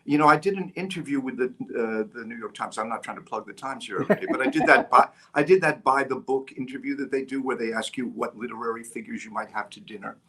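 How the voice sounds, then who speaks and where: An older man, a guest author on an interview podcast, talking in an animated storytelling way with frequent restarts and fillers. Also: medium pitch, fast, few pauses. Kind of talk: interview conversation.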